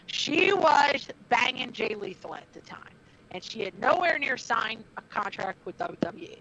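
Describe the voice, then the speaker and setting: A woman's voice: fairly high pitch, big pitch swings, a little slow, bright, forceful tone. A middle-aged woman and former wrestler telling a heated story in blunt, profane casual talk. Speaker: former wrestler, podcast guest. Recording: dull lo-fi recording.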